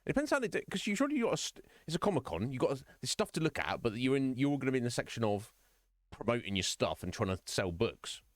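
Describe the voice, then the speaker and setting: A man's voice: medium pitch, big pitch swings, fast, no room sound. A man hosting a live stream, chatting casually and jokingly with viewers by name. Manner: rambling, joking, talks to chat by name. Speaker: streamer host.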